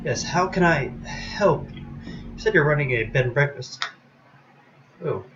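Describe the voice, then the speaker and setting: A man's voice: fairly high pitch, animated, a little slow, dull audio, voice pushed up. A man reading out game dialogue as a creepy, grinning male innkeeper who stretches and oddly stresses his words, over music. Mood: creepy cheerful.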